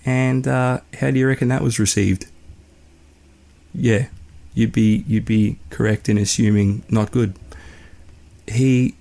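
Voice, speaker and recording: A man's voice: medium pitch, steady tone, slow, vocal fry, pauses often, dark tone. A young Australian man tells a story in a casual, laid-back way, swearing and rambling. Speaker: podcast host.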